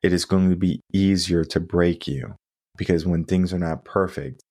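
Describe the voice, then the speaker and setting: A man's voice: deep voice, steady tone, normal speed, warm tone, no room sound, studio quality. A man hosting a coaching podcast, talking through stories and lessons in an earnest way, often checking in with asides. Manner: earnest storytelling with frequent asides. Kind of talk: solo coaching monologue.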